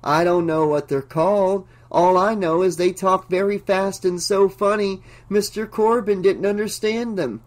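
A man voicing an entranced bank manager who talks slowly in a dreamy, sing-song way, reading an audiobook. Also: high voice, fairly even intonation, voice pushed up. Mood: dreamy, grandiose. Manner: slow, sing-songy, dreamy.

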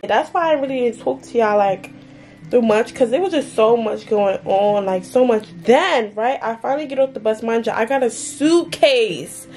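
A young woman tells a story to her vlog camera, fired up and swearing constantly. Her voice sits a little higher than most, and her rant is full of "like" and "mind you.". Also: normal speed, a little mellow. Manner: heated, profane ranting with lots of "like" and "mind you". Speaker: vlogger.

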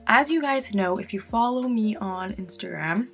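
A young woman from Canada chatting casually to camera while doing her makeup, animated and sometimes mocking. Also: medium pitch, normal speed. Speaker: beauty vlogger. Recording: faint music behind.

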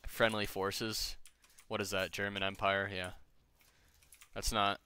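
A man's voice: low voice, little pitch movement, measured pace, sharp tone, clean tone, no echo. A young man chatting casually with friends while gaming, rambling, joking and swearing freely. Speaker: gamer streaming with friends.

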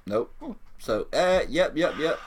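A man's voice: a little high, expressive, slow, a little hiss or hum. A man co-hosting a casual gaming livestream, laid-back and dry, talking through a bout of hiccups. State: has the hiccups. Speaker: livestream co-host.

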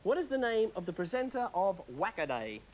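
A woman's voice: mid-range voice, sing-song, a little fast, poor audio. A woman playing a game show quizmaster in a playful role-play, with chatty, bouncy patter. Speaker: pretend game show host.

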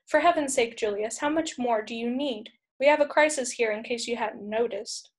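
A woman reads the part of a smug male centaur who runs all the gadgets, quick and teasing in a storybook reading. The voice sits a bit high. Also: lightly acted. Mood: insistent. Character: brainy male centaur tech expert, cocky.

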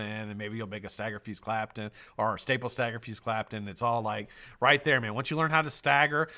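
A middle-aged man hosting a live stream, greeting viewers by name with loud shout-outs, swearing and joking. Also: lowish voice. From United States. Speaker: host.

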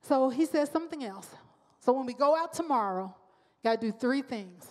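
A woman preaching a sermon, mixing personal testimony with slow, emphatic repetition. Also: high voice, lively intonation. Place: church sanctuary. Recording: long hall reverb.

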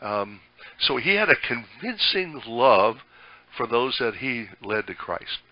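A man's voice: mid-range voice, lively intonation, takes it slowly, no room sound. Older guy pastor giving a folksy sermon, dry muffled recording. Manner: folksy, conversational, with frequent fillers and restarts.

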